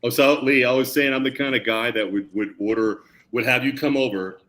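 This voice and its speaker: A man on a casual chat show, agreeing briefly and telling relaxed anecdotes. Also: medium pitch, a little fast. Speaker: guest.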